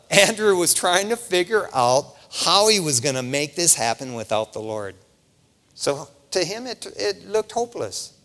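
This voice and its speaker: A middle-aged male pastor preaching with a bright, forceful voice that swings widely up and down. His speech is casual and chatty, and the sound rings out with the long reverb of a big hall. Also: on the high side. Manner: animated, conversational, peppers lines with "man".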